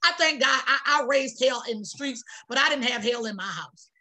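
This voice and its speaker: Fiery high-voiced preaching woman. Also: moderate pace, pushed and bright. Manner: fiery, folksy preaching with repetition. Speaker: prophetess. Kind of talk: preaching on a prayer broadcast.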